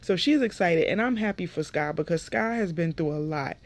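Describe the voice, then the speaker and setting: A woman's voice: lowish voice, lively intonation, moderate pace. A young woman reviewing a reality TV episode in a casual, opinionated vlog, getting heated when she criticizes the cast. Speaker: TV recap vlogger.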